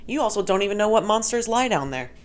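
A woman's voice: medium pitch, fast, a little hiss or hum. A young woman in casual chat among friends, swearing freely and laughing at herself. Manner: animated, swearing, self-mocking, laughing.

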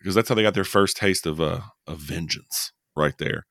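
A man hosting a casual horror movie podcast, animated and profane, often acting out characters in quick impressions. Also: low voice, no room sound. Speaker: podcast host. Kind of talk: casual movie review chat.

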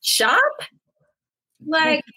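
A woman voice actor on a convention panel, chatting in an expressive, enthusiastic way. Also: high voice, drawn-out words, low-quality recording. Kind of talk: casual panel chat.

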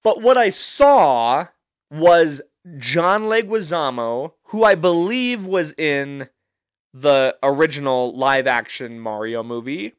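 A man's voice: fairly high pitch, slow, clean tone, dry recording, studio quality. A man hosting a podcast, ranting casually and swearing freely as he works himself up. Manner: animated, swears freely, talks himself into outrage. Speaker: podcast host.

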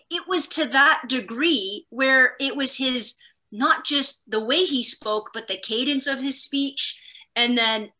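A middle-aged woman, a podcast guest, telling stories in an animated, self-deprecating way, fast in bursts. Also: sits high. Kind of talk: casual conversation.

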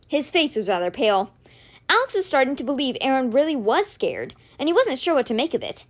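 A woman reading a novel aloud with expressive, animated storytelling. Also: high-pitched, a little fast. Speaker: audiobook reader.

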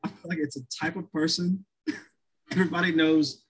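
A man's voice: fairly high pitch, little pitch movement, normal speed, fairly bright tone, slight background noise, poor audio. A man co-hosting a podcast in casual chat, rambling with many restarts and fillers.

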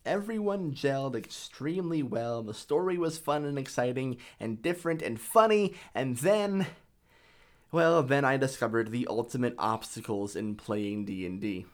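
A man's voice: mid-range voice, lively intonation, normal speed. A man narrating a scripted video essay in a casual, profane, enthusiastic way.

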